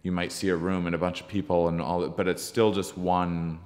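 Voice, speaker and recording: A comedian being interviewed, telling a story in a halting, searching way with many ums and restarts. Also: male voice, deep voice, level tone, darkish tone. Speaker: podcast guest, comedian. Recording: long reverb from the room.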